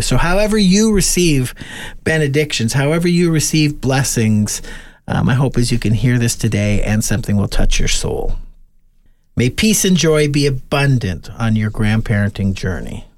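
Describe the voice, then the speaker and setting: A man hosting a radio show, speaking gently and earnestly and reading a blessing. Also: mid-range voice. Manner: gentle, earnest, laughs easily. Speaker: host. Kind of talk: warm radio talk and benediction.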